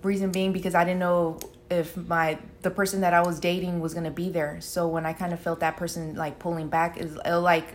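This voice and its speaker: A woman with a lowish voice talks through her own experiences in a relaxed podcast conversation, thoughtful and open. A faint hiss of background noise sits under her voice. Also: brisk, hardly any pauses. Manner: reflective, sharing personal stories. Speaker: podcast host. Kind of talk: casual podcast chat.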